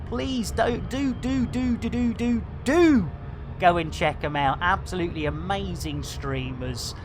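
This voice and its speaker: A woman in her fifties streaming a video game live, bantering exuberantly with viewers and bursting into shouts. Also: medium pitch, noisy background. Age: 50s.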